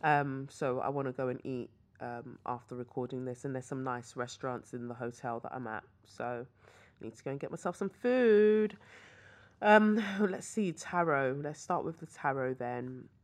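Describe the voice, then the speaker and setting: A young British woman with a rumbling low voice talks at normal speed as she hosts a podcast from a hotel room. Reading tarot, she chats casually and rambles through asides.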